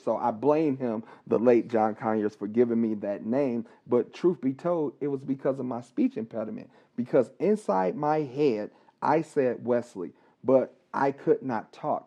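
A man, a licensed counselor, telling a personal story on a podcast, talking haltingly with pauses, restarts and repeated words. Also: medium pitch, mellow. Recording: dull, slightly lo-fi recording.

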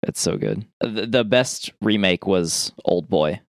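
A man's voice: deep voice, expressive, takes it slowly, creaky, no echo, clean studio sound. A man co-hosting a casual movie podcast, chatty and rambling, swearing casually. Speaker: podcast co-host. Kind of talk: casual movie review chat.

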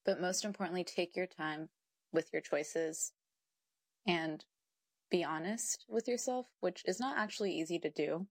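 Recorded dry with studio quality, this young woman's low voice moves at an unhurried pace. She's a guest on a podcast, chatting conversationally and spinning lively stories, frequently laughing and voicing her own thoughts aloud.

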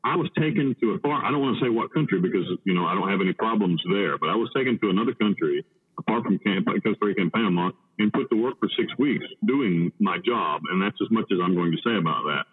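A man from the United States telling a story in blunt, profane talk, halting with many restarts. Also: on the low side, expressive, husky. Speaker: podcast guest. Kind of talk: casual storytelling. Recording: tinny phone-like line with long reverb.

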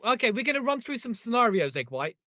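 A man's voice: very high voice, sing-song, fast talker, sharp tone, no echo, clean studio sound. A man hosting a casual comedy podcast, rambling and joking, laughing at his own gags. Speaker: podcast host.

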